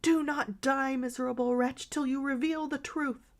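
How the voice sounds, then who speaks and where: A woman voicing a desperate mother whose voice climbs high and cracks as she demands her lost child. The tone is gravelly underneath and strained with sobbing. This is for a storybook audiobook. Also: steady tone, moderate pace. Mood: frantic. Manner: wild, sobbing, high-pitched cries. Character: grief-stricken mother searching for her stolen child.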